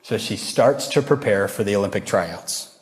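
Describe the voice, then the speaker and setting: A man giving a motivational religious talk to a youth audience, a lively storyteller who acts out the voices he quotes. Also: fairly low pitch, normal speed. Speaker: youth devotional speaker. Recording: reverberant hall.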